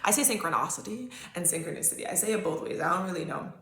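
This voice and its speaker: A woman's voice: fairly low pitch, very fast. Chatty woman podcaster in an echoey room. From Canada. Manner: casual, chatty, talks to listeners directly with many okays. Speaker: podcast host. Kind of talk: solo psychic-reading podcast talk.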